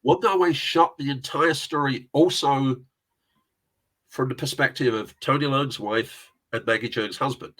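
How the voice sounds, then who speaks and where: Husky rambling man. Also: medium pitch, unhurried, a bit bright. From England. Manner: rambling anecdotal storyteller, chuckles often. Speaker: interview guest. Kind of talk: casual chat.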